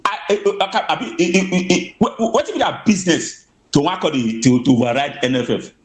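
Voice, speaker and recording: A man's voice: fairly high pitch, moderate pace, reverberant. A man with a Nigerian Pidgin accent speaking as a guest in casual commentary, emphatic with stammering restarts.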